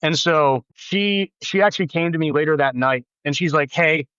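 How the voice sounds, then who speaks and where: A man in his thirties, a podcast guest telling a story in casual chat, animated and acting out quoted voices with big pitch jumps. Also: normal speed, clear, resonant tone, no room sound, dull audio.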